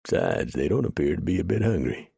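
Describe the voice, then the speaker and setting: Man voicing a wry mountain man, folksy drawl, dry humor, deep gravelly voice, husky. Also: huge pitch swings, brisk, warm tone, dry recording, heavily acted. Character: rough old mountain man, wry, unbothered.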